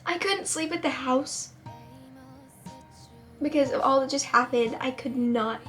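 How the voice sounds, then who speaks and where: A woman tells a painful personal story to camera, tearful and on the edge of crying, in halting, rambling sentences full of restarts. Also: high-pitched, a bit bright, faint music behind. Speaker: singer-songwriter vlogger.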